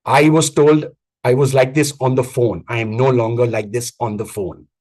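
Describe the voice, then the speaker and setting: A man giving a live online coaching talk on vocal presence, speaking emphatically with repeated phrases and deliberate pauses. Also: mid-range voice, steady tone, a little mellow. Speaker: communications coach. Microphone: video call.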